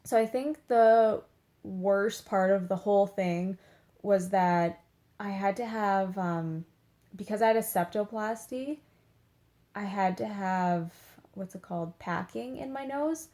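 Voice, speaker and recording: Chatty young woman with a mellow voice. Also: medium pitch, measured pace. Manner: chatty, heavy use of "like", acts out quotes. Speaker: beauty vlogger. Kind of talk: casual storytelling to camera. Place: in bed at home.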